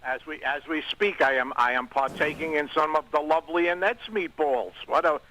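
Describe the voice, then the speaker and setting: A man calls in to a radio show over a phone line with faint background noise. His voice is bright and a little high, and he speaks haltingly, repeating words as he goes. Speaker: caller. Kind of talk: phone-in chat.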